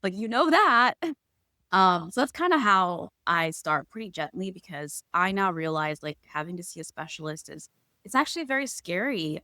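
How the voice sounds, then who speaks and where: A young adult woman, a cardiologist guest in an interview, explaining things gently and acting out quotes from patients. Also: fairly low pitch, dry recording, studio quality. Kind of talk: conversational interview.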